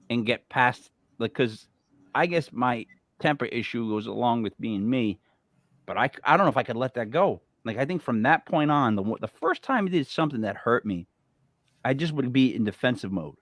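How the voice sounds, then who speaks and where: A brash, joking male host who talks fast and stubbornly in a casual interview. His voice sits at an ordinary pitch. The recording is dry, with little room sound. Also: expressive, fairly bright tone, no room sound. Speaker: podcast host.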